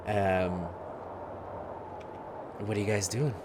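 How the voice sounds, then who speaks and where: A man narrating a tabletop game as game master, halting with many fillers. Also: lowish voice, fairly even intonation, darkish tone. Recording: noisy stream audio.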